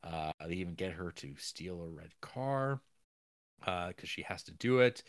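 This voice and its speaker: A deep-voiced man talks through a film's plot on a podcast, rambling and restarting, and now and then slips into the characters' lines. His voice sits close and dry on the mic, with no room sound around it. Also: animated, dry recording. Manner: rambling, many fillers and restarts; acts out characters' lines in quick asides. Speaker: podcast co-host. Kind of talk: casual film recap. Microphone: podcast microphone.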